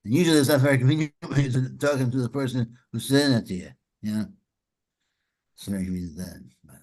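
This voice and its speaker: A man leading a study group, talking in a halting way with many repeated words, then reading a story aloud. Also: mid-range voice, a little mellow.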